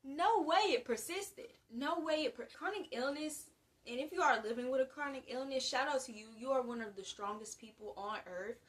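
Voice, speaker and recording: A 19-year-old woman from the US talks straight to camera in a loose, slangy monologue. Her voice sits a little high, and she jumps between loud and quiet in an animated way. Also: moderate pace, recorded from a distance. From United States. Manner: animated, slangy and chatty, with big swings in loudness. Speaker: vlogger.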